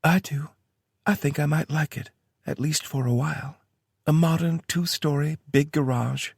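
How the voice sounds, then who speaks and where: A man's voice: on the high side, fairly even intonation, moderate pace, creaky, slightly rough, no room sound, studio quality, voice pushed up. A man voicing a playful, teasing young woman with a Kentucky accent in an audiobook. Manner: teasing, mock-serious. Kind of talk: audiobook character voice.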